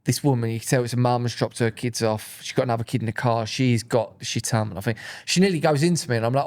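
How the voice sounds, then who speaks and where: A man's voice: mid-range voice, quick pace, hardly any pauses. A young man, co-hosting a casual comedy podcast and joking with his mate, now and then slipping into mocking put-on voices. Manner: jokey, slips into mocking voices. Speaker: podcast co-host.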